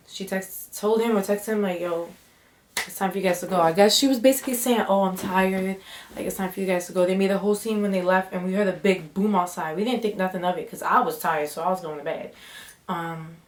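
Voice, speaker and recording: A woman's voice: mid-range voice, echoey room. A young woman vlogger telling a story in casual slang, acting out what people said. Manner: animated, slangy, acts out quotes in voices. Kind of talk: storytime vlog.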